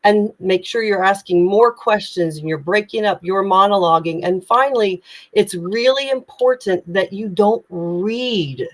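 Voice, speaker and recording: A woman's voice: medium pitch, measured pace. A woman communication coach giving tips in a live online session, speaking with energy, urgency and emphatic projection.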